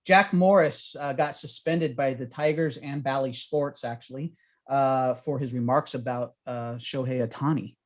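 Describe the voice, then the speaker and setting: A man's voice: mid-range voice, steady tone, moderate pace. A man hosting a casual sports podcast, leading topics in a loose, profane way. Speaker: podcast host.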